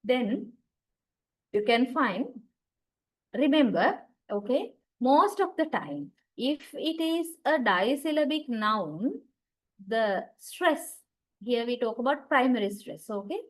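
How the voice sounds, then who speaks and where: A woman university lecturer with a Sri Lankan English accent gives a recorded linguistics lecture, often checking in with "okay" and "right." Her voice is on the high side with big pitch swings, and she takes it slowly. The audio is poor.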